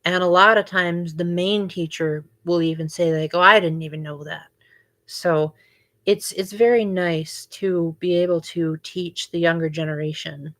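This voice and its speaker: A woman's voice: lowish voice, steady tone, measured pace, fairly bright tone. A young woman hosting a casual livestream, chatting with viewers and filling her talk with "like" and "um". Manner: chatty, frequent "like" and "um" fillers. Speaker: livestream host.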